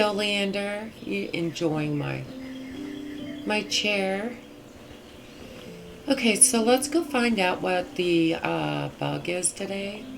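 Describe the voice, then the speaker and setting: A woman hosting her gaming channel, chatting casually through gameplay in a rambling way, with a husky morning voice. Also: mid-range voice. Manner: chatty, rambling with many fillers.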